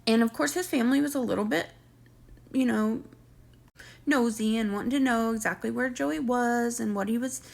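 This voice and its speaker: A woman's voice: fairly high pitch, normal speed, creaky, a little mellow. A woman, casually recapping a reality show, chatty and sarcastic, acting out what people said. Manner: chatty, sarcastic, acts out quotes.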